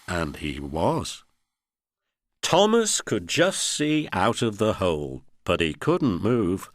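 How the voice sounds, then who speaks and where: A man doing expressive storybook narration for children. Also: deep voice, no echo, clean studio sound. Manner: expressive, unhurried.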